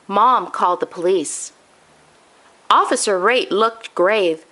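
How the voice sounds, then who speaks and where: A woman reading a children's picture book aloud in an expressive storybook manner. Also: mid-range voice, slow.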